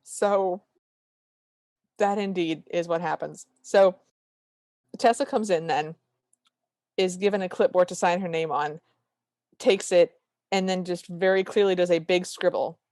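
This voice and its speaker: A woman's voice: lowish voice, unhurried, pauses often, no echo, clean studio sound. A woman co-hosting a podcast, recapping a film in casual chat and acting out the characters' lines. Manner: animated, acts out quotes in voices. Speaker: podcast co-host.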